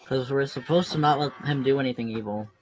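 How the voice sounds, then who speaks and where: A man's voice: mid-range voice, quick pace, a little hiss or hum, low-quality recording. A man playing a tabletop game, chatty and self-aware about his character. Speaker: player. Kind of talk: casual tabletop play.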